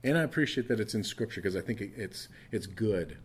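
A man's voice: on the low side, animated, a little fast, breathy edge. A middle-aged male pastor preaching a sermon in a conversational way, often restarting his phrases.

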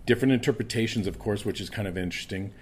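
A man's voice: lowish voice, rapid-fire, a little mellow, slight background noise. A man preaching a sermon, earnest and conversational, often stumbling over repeated words as he restarts a thought. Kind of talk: sermon with scripture reading.

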